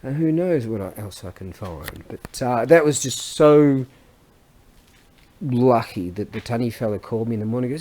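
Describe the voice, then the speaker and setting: A man's voice: medium pitch, a little slow, mellow. A middle-aged man, chatting casually and rambling in a vlog, often losing his thread and laughing. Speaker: vlogger and antiques seller.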